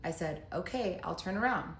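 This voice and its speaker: A woman's voice: on the low side, lively intonation, normal speed. A woman telling her own breakup story in a casual monologue, emotional, reading messages aloud in her own voice. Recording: echoey room.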